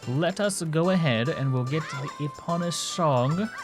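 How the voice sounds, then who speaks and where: A man's voice: a little high, unhurried. A man streaming a video game from home, rambling and chatting with viewers as he plays. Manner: rambling, chats with viewers while playing. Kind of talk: casual gameplay chat. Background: video game music.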